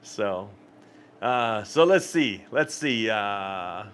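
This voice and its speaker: A man's voice: on the low side, animated, extremely slow, a bit bright, smooth. A man hosting a cruise channel live stream, telling stories in a rambling, casual way with frequent laughs and restarts.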